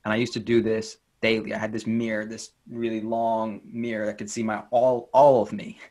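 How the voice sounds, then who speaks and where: A man speaking as an inner child life coach in an interview, earnest and gently encouraging, repeating phrases for emphasis. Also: lowish voice, little pitch movement, normal speed. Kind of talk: interview guest, reflective talk.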